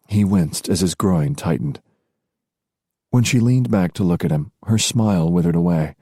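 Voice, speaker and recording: A man narrating a romance audiobook in a measured storytelling voice. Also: deep voice, warm tone, no echo, clean studio sound. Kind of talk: scripted narration.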